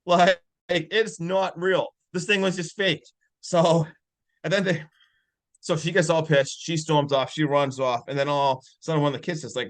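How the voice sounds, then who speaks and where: A man co-hosting a podcast, excitedly retelling a horror movie scene by scene with lots of "like". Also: on the high side, normal speed. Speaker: podcast co-host. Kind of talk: casual movie review chat.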